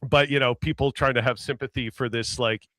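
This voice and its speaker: Bright-voiced man in rambling chat. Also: medium pitch, fairly even intonation, brisk, no echo. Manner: rambling, many fillers and restarts, laughs often. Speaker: podcast host. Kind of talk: casual political chat.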